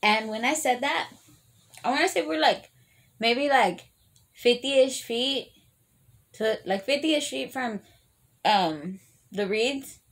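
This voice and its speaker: A woman telling a long story in a casual eating vlog, animated, swearing freely and full of fillers. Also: fairly high pitch, slow pace, long pauses.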